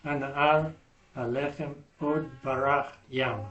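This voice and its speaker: A man's voice: medium pitch, steady tone, takes it slowly, a bit bright, echoey room, dull audio. A man teaching a Hebrew class, patiently correcting students and explaining grammar step by step. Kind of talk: classroom language lesson.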